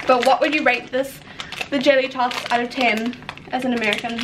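A woman's voice: a little high, fairly even intonation, fairly quick, noisy background. A young woman with a South African accent, chatting casually and laughing often as a vlogger. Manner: giggly, upbeat, laughs often. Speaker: vlogger host. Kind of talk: casual chat. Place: home room lit by a ring light.

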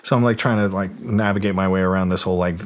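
A man's voice: low-pitched, steady tone, rapid-fire, background noise. A man in his forties, a podcast guest, telling a story in a profane, rambling way, full of fillers and acted-out quotes. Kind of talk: casual storytelling.

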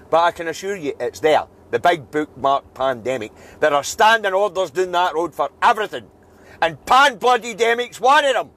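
A man's voice: high-pitched, lively intonation, moderate pace, fairly bright tone. A Scottish man giving an angry, blunt news review, swearing freely and building to emphatic outbursts. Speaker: political video commentator.

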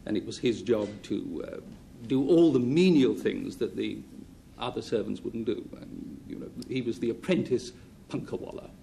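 A gravelly, mock-serious man explaining. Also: mid-range voice, moderate pace, hardly any pauses, dark tone, a little hiss or hum. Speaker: panelist.

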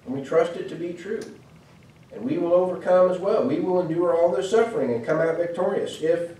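A man's voice: on the high side, mellow. A man preaching a sermon in a church, earnest and explanatory, with fillers and restarts. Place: church hall. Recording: echoey church hall, mic from far off.

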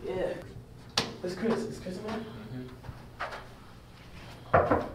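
A man's voice: high-pitched, steady tone, very slow, distant mic. A young man vlogging on a trip, talking loosely and joking with his friends. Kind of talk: casual travel vlog. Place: hotel rooms and an indoor gym. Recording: roomy echo with loud background noise.

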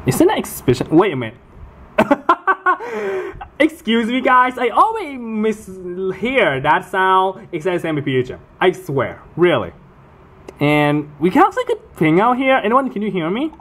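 Playing a video game, a man offers casual commentary, often exasperated and swearing and exclaiming at what happens on screen. His high voice swoops wildly in pitch at a normal speed, sounding a bit bright and slightly rough.

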